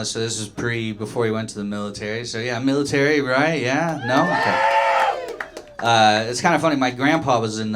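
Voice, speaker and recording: A young man performs a stand-up set in a small dive bar, speaking in a mid-range voice. He is loose and self-mocking and slips into quick voices for the people in his stories. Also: medium pitch, a little hiss or hum. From Oklahoma. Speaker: stand-up comedian.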